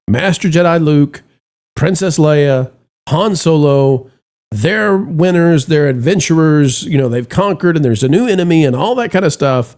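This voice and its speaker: A man hosts a chatty commentary show with a lively, swooping delivery that jumps up and down in pitch. His voice sits a bit high for a man, and he hams things up with theatrical, mock-solemn asides to his audience. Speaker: show host. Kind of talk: animated commentary chat.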